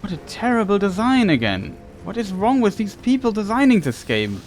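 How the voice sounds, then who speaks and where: A man's voice: high-pitched, huge pitch swings, moderate pace. Frustrated male let's-play commentator, stumbling rants, light hiss behind him. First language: German. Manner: ranting, exasperated, repeats words when upset.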